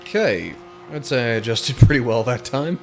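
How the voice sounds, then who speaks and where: A man casually commenting on his own racing gameplay. He is chatty, laughs easily and gets excitable while driving. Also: mid-range voice, moderate pace, a little hiss or hum. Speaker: gaming channel host. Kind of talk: casual let's play commentary.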